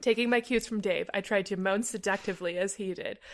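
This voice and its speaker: A woman co-hosting a comedy podcast reads a fan fiction story aloud in a dry tone, cracking up at the text. Her medium-pitched voice stays steady and moves a little fast.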